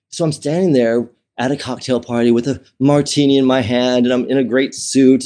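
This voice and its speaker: A man's voice: medium pitch, dark tone. A man telling a personal story in an interview, candid and emotional, with many fillers and restarts. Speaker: interview guest.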